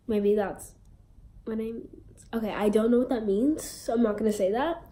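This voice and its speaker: A woman's voice: medium pitch, a little fast, warm tone. A young woman vlogger telling a casual, rambling storytime, bubbly and self-mocking.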